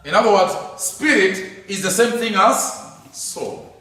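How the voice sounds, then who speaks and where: A man's voice: high voice, lively intonation, measured pace, bright, forceful tone. A man giving an emphatic Bible teaching lecture, asking his listeners many rhetorical questions. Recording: very echoey room, mic at a distance.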